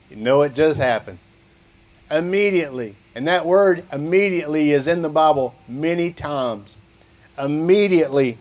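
A man's voice: fairly high pitch, a little mellow. A man preaching a sermon, reading scripture and repeating key phrases for emphasis. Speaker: pastor.

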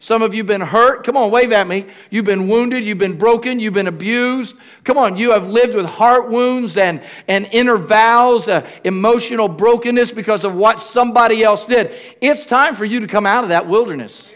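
Male pastor, high pitch, emphatic church preacher addressing the congregation. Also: moderate pace, few pauses, a bit bright. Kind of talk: sermon.

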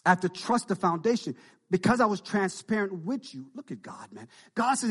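A man preaching a sermon as pastor, animated, with frequent call-and-response asides to the congregation. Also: high voice, brisk, breathy edge.

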